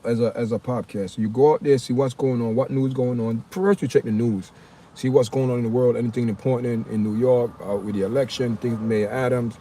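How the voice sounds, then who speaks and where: Mellow-voiced man, casual live chat host outdoors, light street noise. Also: medium pitch. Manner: animated, talks straight to his viewers. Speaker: livestream host. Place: outdoors on a windy city street.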